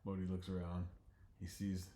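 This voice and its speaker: A man casually retelling an animated scene he storyboarded, in a loose, relaxed way with offhand asides. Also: sits low, moderate pace, slight background noise. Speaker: storyboard artist. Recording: echoey room.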